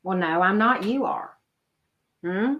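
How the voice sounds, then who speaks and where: A woman's voice: medium pitch, slow, dull audio. A middle-aged woman doing a live tarot reading, chatty and blunt, talking straight to her viewers. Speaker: tarot reader. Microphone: video camera.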